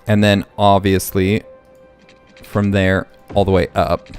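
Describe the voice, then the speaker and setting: A man's voice: deep voice, flat delivery, darkish tone, clear, resonant tone, soft background music. A young man hosting a casual city-building gameplay video, thinking aloud as he works. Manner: slow, thinking aloud, hiccuping. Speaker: let's play host.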